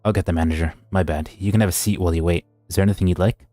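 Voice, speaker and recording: A man's voice: low voice, fairly even intonation, rapid-fire, warm tone, no echo, soft background music. A man voicing a frustrated young female restaurant worker who vents in a weary way. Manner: weary, venting.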